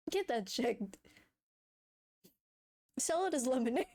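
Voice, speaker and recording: Giggly high-voiced woman streamer. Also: very animated, takes it slowly, a little mellow. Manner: giggly, laughs often, swears casually. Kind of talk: casual chat reading viewer messages.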